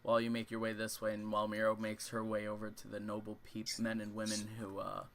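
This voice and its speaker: Low-voiced man running a tabletop game. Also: monotone, fairly bright tone, a little hiss or hum. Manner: improvising, frequent ums and pauses. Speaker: game master.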